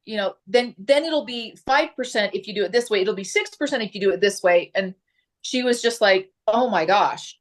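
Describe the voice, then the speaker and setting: A woman who works as a real estate agent, chatting about signing clients and acting out her client's surprised reactions. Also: a little high. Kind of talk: casual storytelling in a meeting.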